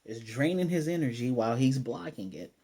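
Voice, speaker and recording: Male anime reviewer, mellow husky tone, energetic slangy recaps. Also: medium pitch, fairly quick. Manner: excitable, slangy, swears, acts out scenes. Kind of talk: casual episode review.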